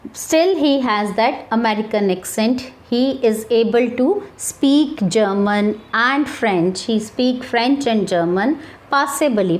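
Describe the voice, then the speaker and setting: A slow, deliberate woman teacher walks students through a textbook story. Her voice sits fairly high. She restarts phrases and fills pauses with "uh" as she paraphrases. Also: a little mellow. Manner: paraphrases slowly with restarts and fillers. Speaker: English teacher. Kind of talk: textbook lesson explanation.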